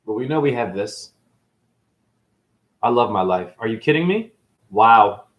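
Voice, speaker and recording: Man ranting, lively swooping pitch. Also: unhurried. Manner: preachy, boastful, sudden loud outbursts. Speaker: self-styled spiritual teacher. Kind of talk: ranting monologue to camera.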